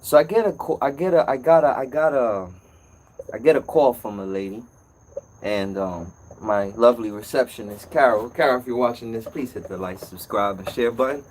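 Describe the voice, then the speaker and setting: A man hosting a casual live-stream call-in show as an appliance repair technician, telling stories in an animated way. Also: medium pitch, moderate pace, a little hiss or hum, rough recording. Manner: animated storytelling, acts out customer's voice.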